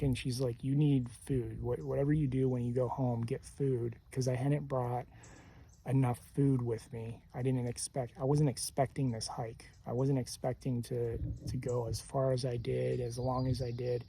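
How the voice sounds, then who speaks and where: Mellow, husky man telling a story. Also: medium pitch. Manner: rambling, animated retelling with quoted dialogue and laughs. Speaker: spiritual storyteller. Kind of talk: casual personal storytelling. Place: sitting outdoors on a picnic bench.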